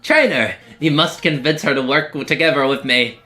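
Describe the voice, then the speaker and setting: A man's voice: a little high, normal speed, bright, forceful tone, faint music behind. A man voicing an eccentric, smug young female scientist, reading game dialogue with theatrical, formal phrasing. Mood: conspiratorial.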